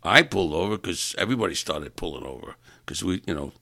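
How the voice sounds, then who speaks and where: A man's voice: low voice, lively intonation, quick pace, pushed and bright, no echo, studio quality. A man in a rambling comic monologue, exasperated and ranting, stumbling over repeated words as he vents. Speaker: stand-up comedian.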